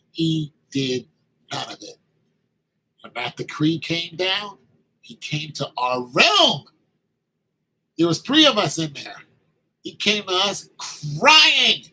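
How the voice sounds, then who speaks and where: A man in his late fifties telling a story from his army days in a casual, animated way, acting out the other people's lines. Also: high-pitched, slight background noise, rough recording. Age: 50s. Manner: animated, acts out quoted dialogue.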